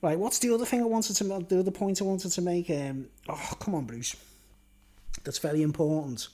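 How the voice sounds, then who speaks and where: A man's voice: high voice, brisk, mellow. A man, rambling through a monologue and constantly tacking on "right?" and "you know what I mean?", blunt and sweary, with chuckles. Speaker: vlogger.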